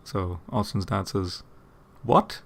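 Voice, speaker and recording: At a measured pace, a man with a lowish, somewhat bright voice hosts an apologetics channel, explaining a point in casual commentary. He often repeats words and checks in with "okay?".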